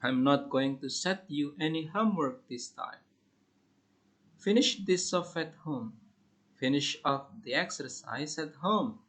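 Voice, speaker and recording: A man with an Indonesian accent reads out classroom English phrases one by one for a lesson. His voice sits a little high for a man. He takes his time and leaves clear gaps between each phrase. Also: expressive, a bit bright. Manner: slow, deliberate list-reading. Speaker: English teacher. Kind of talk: reading classroom phrases aloud.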